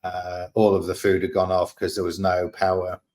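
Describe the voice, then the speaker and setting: Appearing as a guest, this man has a very low voice and an Australian accent and speaks at a moderate pace. His casual storytelling chat is relaxed and candid, with the occasional swear word.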